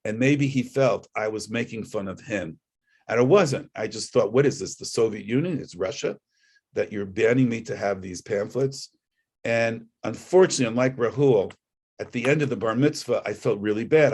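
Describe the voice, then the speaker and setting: Low-voiced guy on a video call, rambling through a personal story, keeps restarting. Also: darkish tone. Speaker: guest speaker. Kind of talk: personal reflection talk.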